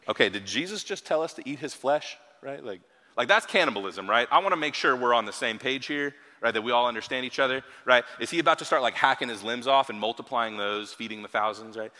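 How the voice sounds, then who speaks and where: A man's voice: medium pitch, fairly quick, bright, forceful tone, in a large hall. A man preaching a sermon as pastor, in a conversational way with frequent rhetorical asides. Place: church hall.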